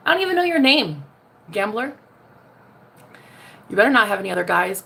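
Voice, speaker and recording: A woman's voice: medium pitch, animated, fast talker, vocal fry, slight background noise. A woman in a casual spiritual vlog, talking sassily and directly to viewers, calling them honey and laughing often. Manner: sassy, talks straight to the viewer, calls them honey; laughs often, jumps between loud and hushed. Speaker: vlogger.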